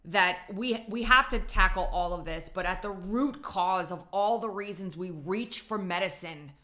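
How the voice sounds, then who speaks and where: Woman host, mid pitch, emphatic chatty talk, lively. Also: unhurried. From Italian heritage. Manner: emphatic, animated. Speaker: podcast host. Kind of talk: casual chat.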